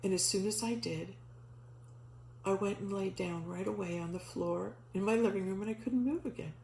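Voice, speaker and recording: A middle-aged woman recounting a personal spiritual experience in a casual storytelling voice, at an ordinary pitch. She gets animated and acts out the voices she quotes, stumbling through restarts and fillers. The room around her is echoey, with a faint hum underneath. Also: normal speed, gravelly.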